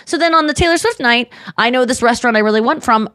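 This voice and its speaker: A woman hosting a podcast, telling a story in casual chat with quick laughs and some swearing. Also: a little high, fairly bright tone, dry recording, clean studio sound. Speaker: podcast host.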